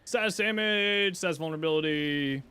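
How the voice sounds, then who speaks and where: A man streaming a video game live, chatting casually and reacting out loud, exclaiming and talking to himself as he plays. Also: a little high, normal speed, clear, resonant tone. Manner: animated, exclaiming and talking to himself while playing. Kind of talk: casual live gameplay commentary.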